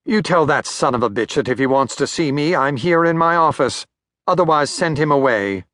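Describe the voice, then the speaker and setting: A man's voice: medium pitch, sing-song, moderate pace, no room sound, studio quality, pitched above the performer's own voice, natural voice. A man voicing a pompous, irritable doctor who snaps indignantly. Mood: irritated.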